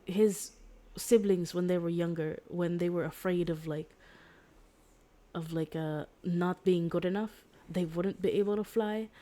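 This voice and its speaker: A young woman streaming from home, casually retelling a story in a rambling, excitable way, with lots of "like" and restarts. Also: lowish voice. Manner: giggly, excitable.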